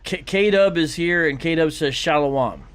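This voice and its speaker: A man's voice: a little high, moderate pace. A man hosting a live online show, reading viewers' chat messages aloud with fillers and laughs. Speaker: livestream show host.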